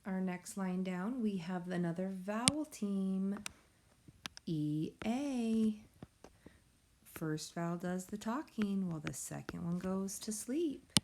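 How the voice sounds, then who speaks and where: A woman teacher giving a recorded phonics lesson to young children, explaining slowly and patiently in a sing-song way. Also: medium pitch, animated, noisy background. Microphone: tablet or device mic.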